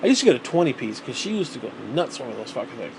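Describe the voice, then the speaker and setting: A man's voice: medium pitch, sing-song, rapid-fire, background noise. A man talking casually to the camera at home, rambling and swearing freely. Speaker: vlogger.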